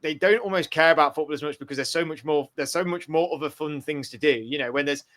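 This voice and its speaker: Man with a bright, rambling delivery. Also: a little high, fast talker. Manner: rambling, thinks aloud with restarts. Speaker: podcast co-host. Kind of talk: casual chat.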